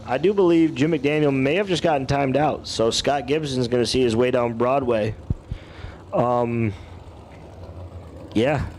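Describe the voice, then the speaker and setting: A man's voice: mid-range voice, measured pace, pauses often, a little mellow, slight background noise. A man calling a drag race live, with folksy, joking banter between runs. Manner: folksy, playful announcer banter. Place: outdoor dragway.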